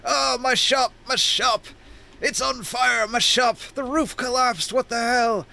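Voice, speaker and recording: Hysterical shopkeeper, male, wailing high voiced by a man. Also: fairly even intonation, takes it slowly, vocal fry, sharp tone, exaggerated voice. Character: frantic male shopkeeper wailing over his shop.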